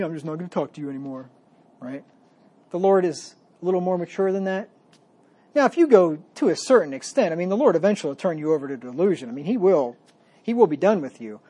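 A man preaching a sermon, reading scripture slowly with emphasis and then explaining it in a plain, conversational way. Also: a little high, warm tone. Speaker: pastor.

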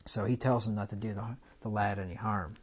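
A man's voice: on the low side, fairly even intonation, fairly quick, husky, highs cut off. A man preaching a sermon in a conversational way, paraphrasing scripture in everyday speech and raising his voice for dramatic lines. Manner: conversational, loud swells when quoting scripture. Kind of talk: expository sermon.

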